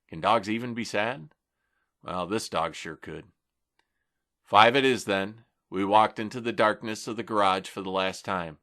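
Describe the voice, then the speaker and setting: A man reading a first-person audiobook narration in an earnest, steady way. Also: fairly low pitch.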